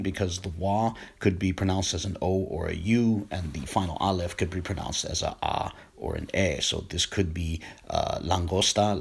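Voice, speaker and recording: A man giving a casual spoken lesson on old word pronunciations, pausing often with fillers and restarts. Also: deep voice, creaky, slightly rough. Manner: hesitant, many uh fillers and restarts. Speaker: channel host explaining texts. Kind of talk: casual educational talk.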